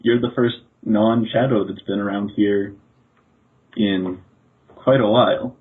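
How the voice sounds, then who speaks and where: A small living shadow shaped like a boy, odd and curious, answering questions in a plain, puzzled way. A man plays him in a husky, unhurried voice. The audio is tinny, as if over a phone line. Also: fairly low pitch, fairly even intonation.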